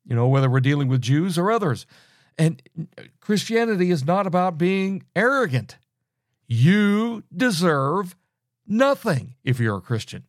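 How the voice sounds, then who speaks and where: A middle-aged or older preacher teaches a sermon in a fairly high voice, earnest and scolding, often restarting his sentences. The recording is dry, with clean studio sound.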